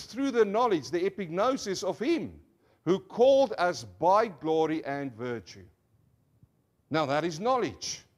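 A male pastor preaching an emphatic sermon in a voice that sits a little high for a man. He leads the congregation in call-and-response and keeps asking rhetorical questions as he explains the meaning of words. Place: church service before a congregation.

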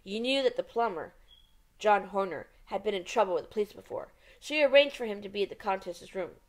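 A woman reading the part of a cool, commanding male detective in a measured, authoritative way. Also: mid-range voice, lively intonation, close to an everyday voice. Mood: accusing.

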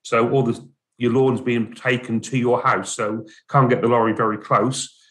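An English man co-hosting a podcast in casual chat. His voice sits at a middle pitch, and he talks in short, plain, down-to-earth remarks. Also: little pitch movement, normal speed, fairly bright tone. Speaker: podcast co-host.

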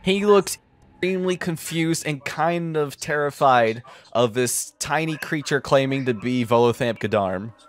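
A man narrating a tabletop game as game master, relaxed and chuckling between rulings. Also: medium pitch, unhurried.

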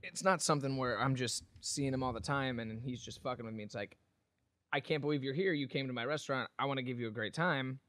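A man's voice: medium pitch, quick pace, fairly bright tone, dry recording. A man hosting a podcast in casual chat, laid-back and self-mocking. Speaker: podcast host.

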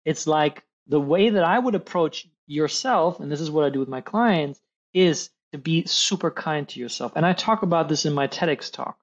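A man speaking as a high-performance coach in a gentle coaching conversation. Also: lively intonation, normal speed, muffled recording. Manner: gentle, acts out quoted voices.

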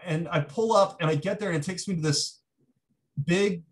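A man's voice: sits high, moderate pace. Man telling a story in a keynote. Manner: anecdotal, conversational with restarts. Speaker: keynote speaker. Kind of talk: storytelling lecture.

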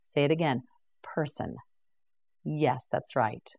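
A woman teaching English vocabulary in a slow, patient drill, pronouncing each word carefully and encouraging the learner. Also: low voice, creaky, a little mellow.

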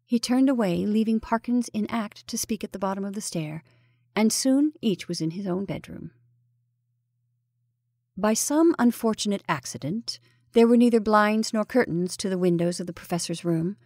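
A woman storyteller reading a ghost story aloud with measured, even narration. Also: medium pitch, dry recording.

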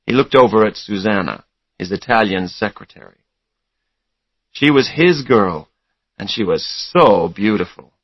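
A male narrator reads a story aloud for English learners, taking it slowly and clearly. His voice is somewhat low, and the recording is dry and close. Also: no echo, highs cut off. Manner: slow, clear reading.

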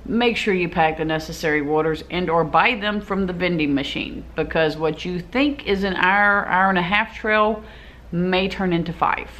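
A woman's voice: lowish voice, fairly bright tone. A woman vlogger telling a travel story to camera in a chatty, easygoing way, laughing now and then.

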